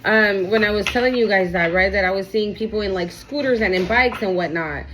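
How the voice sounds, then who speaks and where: Brisk and mid-range, a woman reads tarot cards in a relaxed, foul-mouthed style, repeating "okay?" often to check in. The background is noisy.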